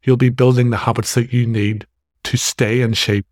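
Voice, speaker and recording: A man's voice: mid-range voice, little pitch movement, moderate pace. A man in his forties with a Northern Irish accent, hosting a solo fitness podcast in a casual, direct way with jokey asides. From Northern Ireland. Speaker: podcast host and fitness coach.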